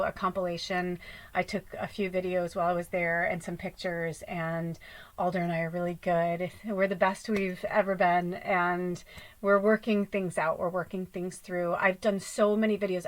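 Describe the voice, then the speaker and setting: A woman's voice: mid-range voice, low-quality recording. A woman hosting her own video, chatting casually to camera at home in a rambling, laughing way with some swearing. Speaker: spiritual channel host.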